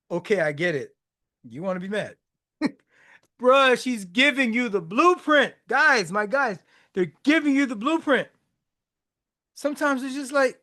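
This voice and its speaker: A man's voice: very high-pitched, lively intonation, unhurried, long pauses, bright, forceful tone. A man hosting a podcast, talking loosely about a song's lyrics, with slang, repeats and frequent laughs. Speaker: podcast host. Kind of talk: casual commentary on song lyrics.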